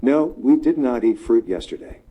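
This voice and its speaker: A man answering a teacher's questions with flat, repeated example sentences, recorded with dull lo-fi sound. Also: medium pitch, normal speed, husky. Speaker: dialogue partner answering questions.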